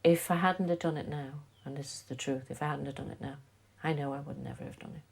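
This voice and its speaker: An older woman, lively telling stories from her past in an interview. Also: sits low, quick pace. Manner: lively storyteller, acts out quotes. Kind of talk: reminiscing interview.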